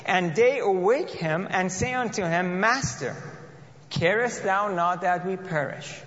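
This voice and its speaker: High-voiced man preaching in an echoing hall. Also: measured pace, fairly bright tone. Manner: earnest, repeats and restarts phrases. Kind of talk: sermon with scripture reading. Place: church. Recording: dull lo-fi audio in a reverberant hall.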